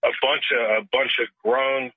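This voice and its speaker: A man's voice: mid-range voice, flat delivery, moderate pace, dry recording. A man calling in to a radio show, talking earnestly and hesitantly with lots of fillers. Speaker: caller. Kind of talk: phone-in call. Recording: tinny phone line.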